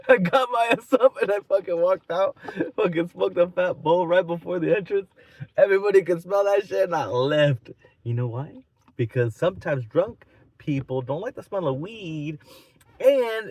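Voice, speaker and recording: A man's voice: a little high, expressive, moderate pace, a little mellow, dry recording. A man in his twenties telling a rambling, profane, mocking story in a casual vlog. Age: 20s. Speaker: vlogger.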